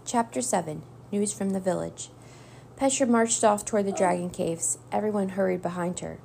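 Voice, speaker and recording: A woman reading a children's chapter book aloud in a steady storytelling way. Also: mid-range voice, moderate pace, creaky, a little hiss or hum. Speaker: narrator.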